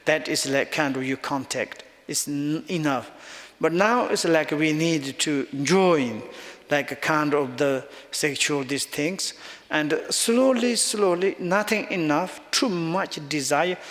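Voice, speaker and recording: A male Buddhist teacher giving a dharma talk in halting non-native English with loose phrasing, chuckling often as he explains. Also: fairly high pitch, fairly bright tone. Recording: long reverb of a large hall.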